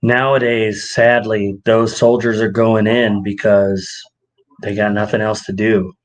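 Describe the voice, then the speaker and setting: Co-hosting a casual podcast, a man tells stories a little slowly, caught on a low-quality recording. He's animated and energetic, acting out quoted voices as his pitch rises.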